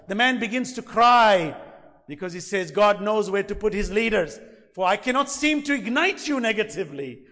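A man giving a sermon, impassioned, swinging between loud emphasis and soft asides. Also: high-pitched, animated, fairly quick, vocal fry. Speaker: preacher. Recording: long hall reverb.

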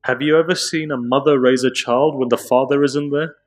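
Impassioned male preacher. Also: fairly even intonation. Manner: builds to high, impassioned pleading in stories; slow, drawn-out emphasis. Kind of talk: emotional religious sermon.

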